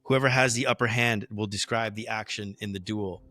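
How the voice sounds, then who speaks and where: A man explaining rules and narrating as game master, relaxed and hesitant with many fillers. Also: lowish voice, brisk.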